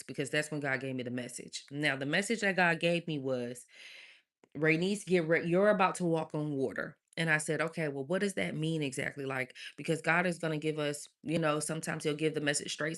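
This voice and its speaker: A woman preaching on a live stream, emphatic and calling her listeners "y'all". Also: low voice.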